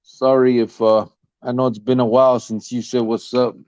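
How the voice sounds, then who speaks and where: A man's voice: mid-range voice, little pitch movement, moderate pace, darkish tone, clear, resonant tone, dry recording. A man hosting a casual podcast, laid-back, reading viewer comments aloud and laughing often. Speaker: podcast host. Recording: dry, slightly dull lo-fi sound.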